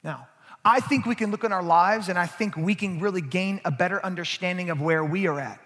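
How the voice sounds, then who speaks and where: A male pastor preaching a sermon, moving from quiet asides to loud, emphatic passages. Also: sits high, fairly quick, big-room sound.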